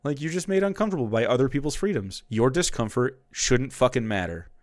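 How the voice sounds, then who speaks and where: A man's voice: mid-range voice, sing-song, fairly quick, dry recording, clean studio sound. A man streaming and ranting about politics in a heated, profane, mocking way.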